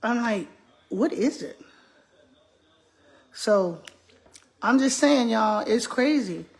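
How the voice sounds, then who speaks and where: Middle-aged woman, husky voice, high pitch, lively storyteller, retired principal. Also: slow. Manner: animated, laughing storyteller acting out quotes. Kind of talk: casual storytelling to viewers. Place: home kitchen.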